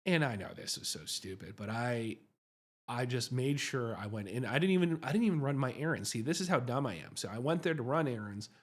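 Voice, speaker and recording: Husky, lively-voiced male psychiatrist host. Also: mid-range voice, a little fast. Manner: animated, self-mocking, chatty with many tags like "right?". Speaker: psychiatrist hosting a livestream. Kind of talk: casual livestream storytelling.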